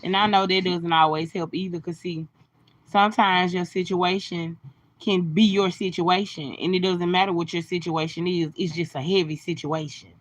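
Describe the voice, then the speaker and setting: A woman's voice: on the low side, fairly even intonation, normal speed. A woman hosting a casual phone live stream, greeting viewers by name and giving encouraging, sermon-like talk. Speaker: livestream host.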